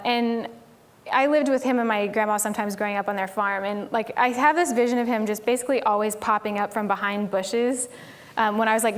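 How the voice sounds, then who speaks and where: Tennessee woman giving a casual talk on stage, chatty, says like and um a lot. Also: mid-range voice. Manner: chatty, frequent "like" and "um" fillers. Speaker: conference speaker. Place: conference stage.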